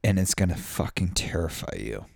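A man's voice: low-pitched, very animated, normal speed, creaky, a little mellow, no room sound, clean studio sound. A man hosting a show alone, rambling through crude, self-mocking metaphors and swearing freely. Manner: profane, self-mocking, loose with extended metaphors. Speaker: podcast host. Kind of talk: solo rambling monologue. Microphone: studio microphone.

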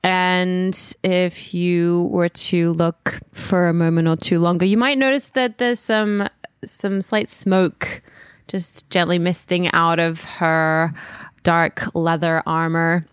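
Unhurried, giggly woman player. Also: on the low side, fairly even intonation, clear, resonant tone, no echo, studio quality. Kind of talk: describing a character in a tabletop game.

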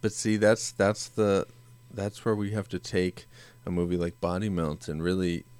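A man's voice: low-pitched, fairly even intonation, moderate pace, a little mellow, clean tone, dry recording. A man co-hosting a podcast, chatting casually about movies, laid-back, swearing freely and laughing often. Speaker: podcast co-host.

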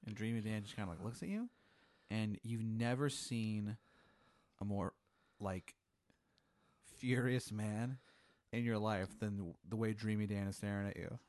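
A man running an improvised comedic story as game master, with halting, restart-filled narration. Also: fairly low pitch, a little mellow, dry recording.

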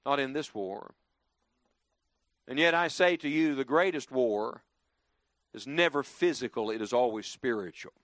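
A man's voice: medium pitch, expressive, a little slow, pauses often, a bit bright, dry recording, clean studio sound. A man preaching a sermon to a church congregation, swinging his voice up and down for emphasis and leading the crowd in call-and-response.

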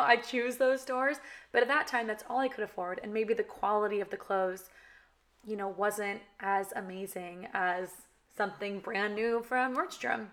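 A young adult woman from California, a reality TV cast member with a valley girl accent, talks candidly to the camera. Her medium-pitched voice is slightly bright, and she chats away, often saying "you know" and "like."

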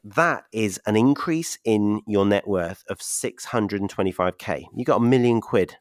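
A man's voice: fairly low pitch, unhurried, no echo, studio quality. A man hosting a podcast interview, upbeat, laughing often and walking through figures step by step. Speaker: podcast host and property investment mentor.

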